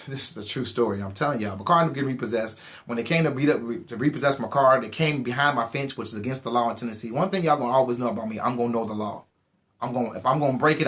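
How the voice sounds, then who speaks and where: A young man, giving a casual and animated personal testimony and acting out the dialogue. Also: medium pitch. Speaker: testimony speaker.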